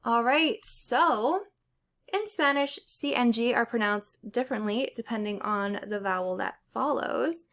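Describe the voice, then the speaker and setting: Young woman teaching spanish pronunciation, kinda high voice, slow, step by step. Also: a bit bright. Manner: explains step by step with examples. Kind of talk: casual pronunciation lesson.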